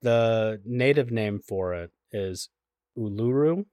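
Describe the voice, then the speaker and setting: A man's voice: lowish voice, takes it slowly, darkish tone, smooth. A wry co-host with a dry sense of humor checks facts and corrects the others. His voice sounds close and dead, with no room echo. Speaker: podcast co-host. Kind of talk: casual chat.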